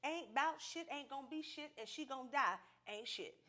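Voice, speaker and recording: High, bright, profane woman storyteller. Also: brisk. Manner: profane, animated, laughing often. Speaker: podcast guest. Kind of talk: casual storytelling. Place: podcast studio with a live audience.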